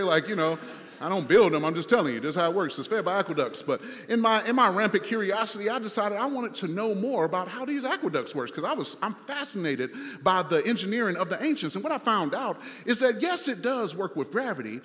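A man's voice: high-pitched, animated, a little fast, a bit bright, big-room sound. A male pastor preaching a sermon in a conversational style, repeating phrases and using fillers as he talks to his church.

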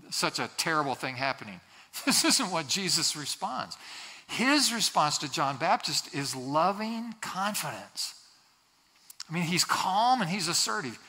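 In a church sanctuary with long hall reverb, a pastor preaches earnestly in a bright, forceful voice on the high side. He repeats key phrases to stress them and occasionally acts out the voices he quotes.

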